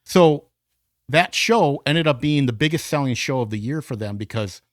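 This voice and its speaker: A man, a concert promoter, chatting as a guest on a bar podcast and telling animated stories that act out his phone calls. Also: medium pitch, normal speed, no room sound, studio quality. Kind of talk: casual bar podcast chat. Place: podcast studio.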